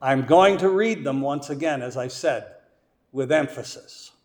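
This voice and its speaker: A man preaching a sermon as pastor, slow and deliberate, leaning hard on key words. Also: medium pitch, big-room sound. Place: church.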